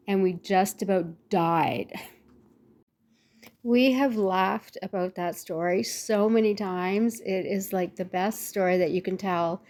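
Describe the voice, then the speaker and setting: A woman's voice: mid-range voice, takes it slowly, a little mellow. A woman in her sixties telling a story to her viewers in a chatty, rambling, effusive way. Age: 60s. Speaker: lifestyle vlogger. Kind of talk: casual storytelling to camera.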